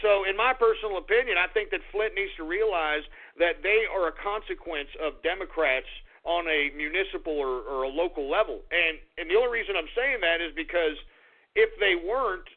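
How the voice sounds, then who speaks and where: A man runs a call-in radio show, combative and quick to curse as he rants at prank callers and talks with listeners. His voice sits high for a man. The sound is thin and tinny, as if coming through a phone line. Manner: combative, profane, ranting.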